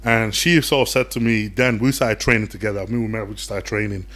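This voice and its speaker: Fast-talking low-voiced man telling stories. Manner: animated, acts out quoted voices. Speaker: podcast guest. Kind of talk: casual storytelling interview.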